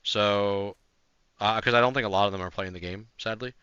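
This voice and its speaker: A man streaming a video game, chatting casually to his viewers, rambling with fillers and swearing, breaking into frantic yells in fights. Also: lowish voice, fairly quick, clean tone, no echo, muffled recording. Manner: laid-back, swearing, rambling with many fillers; bursts into frantic yelling during fights. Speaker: gaming streamer. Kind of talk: casual live-stream chat while gaming.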